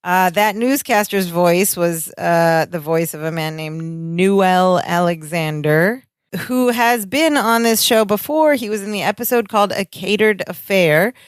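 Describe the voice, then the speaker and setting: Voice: medium pitch, measured pace, clear, resonant tone, dry recording, clean studio sound. A podcast co-host recapping a sitcom episode in casual chat, walking through scenes and quoting lines. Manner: narrates scenes, quoting lines in a flat retelling.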